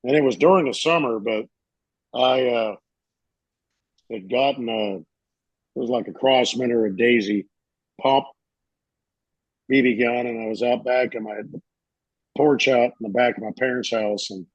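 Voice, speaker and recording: A man, a podcast co-host telling a story in a casual, animated way and acting out the voices in it. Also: mid-range voice, unhurried, pauses often, slightly rough, no echo, muffled recording. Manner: animated, acts out voices in his stories.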